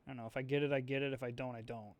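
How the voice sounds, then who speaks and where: A man's voice: mid-range voice, flat delivery, rapid-fire, no echo. A young man hosting a board game video, rambling chattily through his moves, with lots of fillers and restarts. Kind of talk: casual thinking-aloud play commentary.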